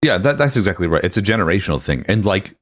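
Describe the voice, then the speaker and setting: A man's voice: low voice, very animated, fast talker. A man in his thirties co-hosting a casual podcast, reading articles aloud with dry sarcasm. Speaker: podcast co-host.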